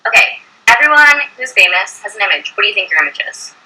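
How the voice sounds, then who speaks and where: Playful woman host, lively pitch, heard from off mic on a tinny line. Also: fast talker, distant mic. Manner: playful, teasing questions. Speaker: interviewer. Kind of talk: casual interview.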